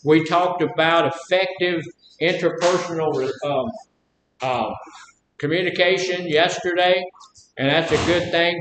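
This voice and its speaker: A man with a Southern drawl teaches a live class, folksy and fond of quizzing his listeners. His voice sits a touch high. The room is echoey, with a faint rumble underneath. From Mississippi. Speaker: class instructor. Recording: roomy echo, faint rumble.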